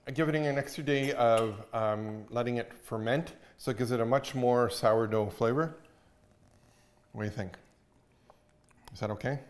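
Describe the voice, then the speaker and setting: A man's voice: medium pitch, a little hiss or hum. A man hosting a casual cooking show, chatting upbeat while he cooks in a kitchen.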